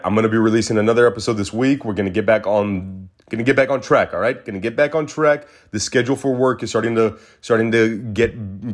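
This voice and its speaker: A man hosting his own podcast in a casual solo chat, rambling and repeating himself, with an upbeat sign-off. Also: sits low. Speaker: podcast host.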